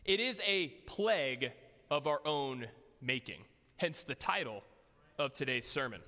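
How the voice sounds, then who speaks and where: His voice is mid-range, pushed and bright, animated yet a little slow. The young man jokes casually through a personal story in his sermon, recorded in a church hall with long reverb.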